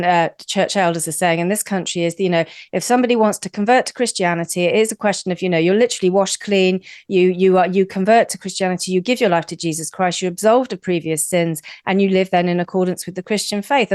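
An animated woman correspondent on a radio show, repeating words as she goes. Her voice sounds close and dry. She sits at an everyday middle pitch. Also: dry recording. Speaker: news correspondent. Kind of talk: live radio discussion.

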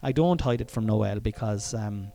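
A man's voice: on the low side, normal speed, creaky, warm tone. An Irish man telling a personal story in a casual monologue, frank and profane, chuckling often and wandering into asides.

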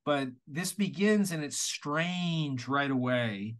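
A man from Canada co-hosting a podcast, talking in an animated, exasperated way with plenty of swearing. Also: on the high side, takes it slowly. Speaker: podcast co-host. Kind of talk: casual podcast chat.

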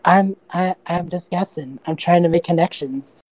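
A woman's voice: lowish voice, moderate pace, darkish tone, no room sound, natural voice, poor audio. A woman voicing a charmed male kobold who rambles eagerly and wants to be best friends. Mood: smitten.

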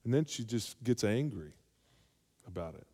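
A man's voice: fairly low pitch, big pitch swings, moderate pace, mellow, husky. A male pastor preaching a sermon, calling for amens and rising to emphatic peaks. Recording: long hall reverb.

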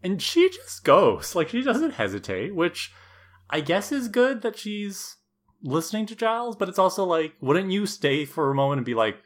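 A podcast co-host recapping an episode in casual chat, adding relaxed analytical asides with light laughter. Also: medium pitch, moderate pace.

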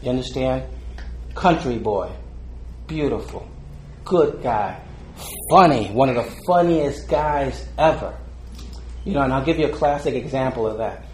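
An older man with an average pitch reminisces in a loose, rambling way, often laughing and stuffing his speech with fillers. His voice rings in a roomy space, with a faint ambient hum behind it. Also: animated, unhurried. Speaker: interviewee. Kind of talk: casual storytelling.

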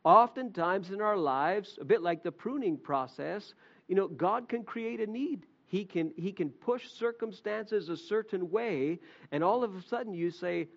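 A pastor preaches a sermon in a high, light male voice. He retells the gospel story with animation and slips into the voices of the disciples. The recording is slightly dull and muffled. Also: normal speed.

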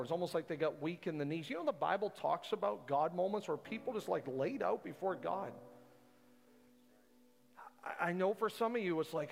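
A man's voice: on the high side, creaky. A male pastor preaching a sermon in a large church hall, talking conversationally and acting out his listeners' doubts. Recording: long hall reverb, faint music.

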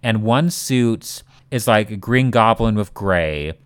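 A man in casual podcast chat, talking slowly and bluntly with plenty of swearing. His voice is smooth and clear, a little low. The sound is dry and close. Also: expressive, no room sound. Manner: blunt, swears freely, rambling asides. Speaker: podcast co-host.

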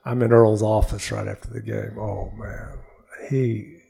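A man's voice: lowish voice, a little slow, gravelly. A man, a guest in a studio interview, telling a long personal story and acting out the voices of the people in it. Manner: animated storyteller who acts out quoted voices.

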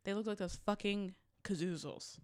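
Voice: medium pitch, moderate pace, dry recording. A podcast co-host in casual chat, blunt and dry, with some swearing.

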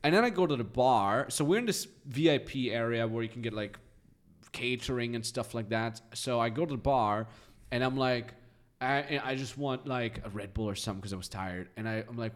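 A man in his thirties from Austria appears as a podcast guest, telling stories casually in a lively, chatty way. His voice is mid-range at normal speed, and he acts out the voices of the people in his stories.

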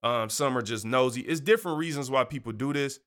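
Bright-voiced man telling a story. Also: medium pitch, brisk. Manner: animated, chatty, laughs often, uses slang. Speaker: podcast host. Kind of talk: casual storytelling.

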